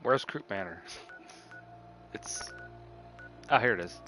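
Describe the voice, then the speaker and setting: With music in the background, a man whose voice is on the low side talks slowly and expressively while streaming a video game. It's casual commentary, rambling and profane with frequent self-interruptions, and he's a little tipsy from drinking.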